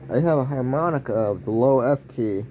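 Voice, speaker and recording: A man rambling through a casual home vlog indoors, using odd word choices and breaking into sudden yelled outbursts. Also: mid-range voice, fairly quick, muffled recording, slight background noise. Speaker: vlogger.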